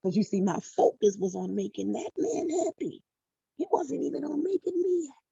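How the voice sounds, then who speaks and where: A woman's voice: sits high, sing-song, moderate pace, vocal fry, mellow, slightly rough, no room sound. A middle-aged woman life coach giving a motivational monologue, emphatic and blunt, repeating her phrases and swearing freely. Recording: dull dry lo-fi recording.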